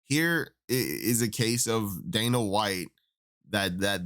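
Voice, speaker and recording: A man's voice: lowish voice, animated, slow, a bit bright. Profane, exasperated young man ranting. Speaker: MMA commentator. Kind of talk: casual opinion rant.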